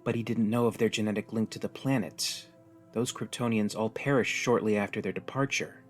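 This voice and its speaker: A man's voice: on the low side, steady tone, brisk, soft background music, lightly acted. A man voicing a jaded, resigned young woman. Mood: explaining. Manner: blunt, weary, resigned. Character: jaded tough young woman stranded on an alien world.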